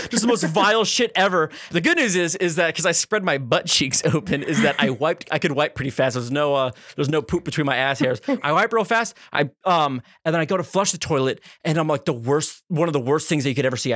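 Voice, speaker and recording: A man co-hosting a casual podcast, telling a story in an animated, profane way with lots of laughing and acted-out reactions. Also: fairly high pitch, fairly quick, dry recording, studio quality. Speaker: podcast co-host.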